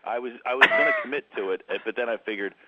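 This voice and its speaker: A middle-aged man with a Philadelphia accent, a guest comedian telling stories in a casual phone interview, with animated, jumping delivery. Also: medium pitch, racing, dull audio, heavy background noise. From Philadelphia, USA. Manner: animated storyteller, lively voice jumps.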